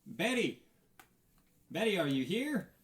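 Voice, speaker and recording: A man voicing a calm male town priest in a tabletop game, speaking with many hesitant pauses. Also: medium pitch. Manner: hesitant, filler-heavy delivery.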